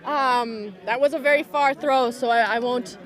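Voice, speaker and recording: A woman's voice: fairly high pitch, normal speed, a bit bright, a faint crowd. A woman doing live sports commentary at an outdoor tournament, chatty and enthusiastic, cheering players on by name.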